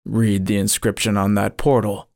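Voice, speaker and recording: A man's voice: lowish voice, flat delivery, moderate pace, creaky, a little mellow. Man reading as a stern, terse spirit guide.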